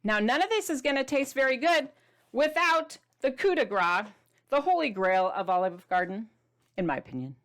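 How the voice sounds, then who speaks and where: A woman's voice: high voice, sing-song, normal speed. A middle-aged woman hosting a casual food vlog, chatty and playful, showing food to the camera with the odd dramatic whisper. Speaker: keto diet author and host.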